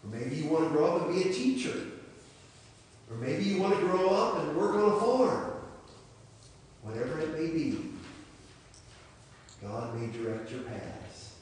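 Pastor guy telling kids a story, lively and questioning, big echoey church, mic far off. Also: a little high, unhurried, pauses often, slight background noise. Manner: animated storyteller asking questions. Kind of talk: children's sermon. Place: church sanctuary.

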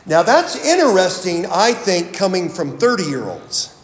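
A man preaching a sermon as pastor, reading scripture aloud and then speaking to his congregation in a slow, deliberate way with pauses. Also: high voice, big pitch swings. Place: church sanctuary. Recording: roomy hall with long reverb.

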